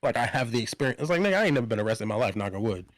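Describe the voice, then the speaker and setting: Young man, podcast co-host, laid-back, casual chat, mid pitch, dry sound. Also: very animated, very fast, no room sound. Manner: laid-back storyteller, laughs while talking, trails off softly.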